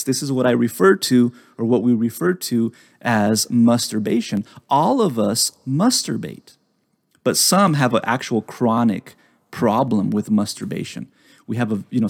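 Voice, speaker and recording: Male podcast host, gravelly, teaching tone, repeats his points, dry close-miked sound. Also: mid-range voice, a little mellow, no room sound. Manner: explains slowly, repeats key phrases, tags lines with "right?". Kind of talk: relaxed teaching talk.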